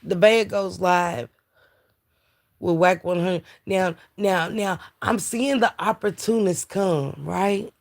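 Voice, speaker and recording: Slow, gravelly-voiced tired woman streamer. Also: on the low side. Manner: chatty, greets viewers in chat. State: tired, yawning. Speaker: livestream commentator. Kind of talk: casual live-stream gossip commentary.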